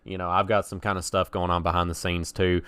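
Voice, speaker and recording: Chatty young man with a smooth voice. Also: low voice, level tone, fast, bright, forceful tone, dry recording, clean studio sound. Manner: chatty storyteller, laughs at own stories. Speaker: podcast co-host. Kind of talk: casual podcast chat.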